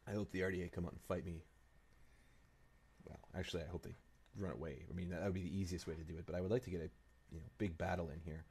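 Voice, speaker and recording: A man with a deep, low voice talks through his moves in a strategy game. He thinks aloud and mutters at the units on screen. There is a faint hiss behind him. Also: fairly even intonation, quick pace, pauses often, darkish tone. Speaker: let's play host.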